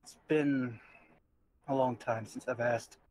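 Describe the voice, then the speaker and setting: A man voicing a gentle, earnest old male spider in a tabletop game, with a soft-spoken manner. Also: mid-range voice, fairly even intonation, slow pace, a little hiss or hum, close to an everyday voice, low-quality recording.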